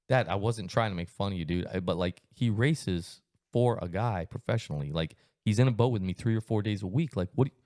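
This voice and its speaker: A man in his thirties hosting a podcast, telling stories in a casual, animated, swearing style and acting out voices. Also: lowish voice, a little fast, no echo, studio quality. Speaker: podcast host. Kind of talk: casual chat, storytelling.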